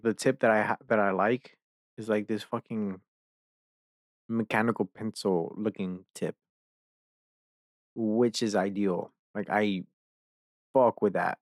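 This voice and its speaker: A young man hosting a podcast, chatting casually and ranting with heavy profanity, quickly exasperated. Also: lowish voice, vocal fry, no room sound. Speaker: podcast host. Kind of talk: casual chat.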